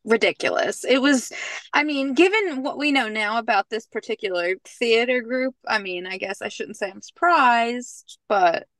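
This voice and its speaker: A woman's voice: fairly high pitch, normal speed, fairly bright tone, dry recording. A woman guest on a casual podcast chat about a TV show, making wry and sarcastic asides.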